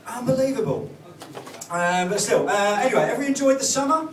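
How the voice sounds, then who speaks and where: A man's voice: very high voice, lively intonation, a little slow, pauses often. A man doing a stand-up comedy set, rambling and hesitant with many fillers and restarts. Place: comedy club stage. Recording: roomy club sound from far off, loud crowd. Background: audience laughter.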